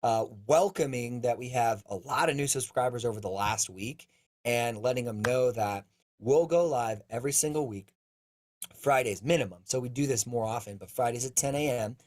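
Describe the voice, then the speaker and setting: A man's voice: mid-range voice, moderate pace, darkish tone. A man co-hosting a live Q&A over a video call, upbeat and joking, announcing schedules and encouraging viewers. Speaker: co-host of live Q&A. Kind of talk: casual live-stream chat.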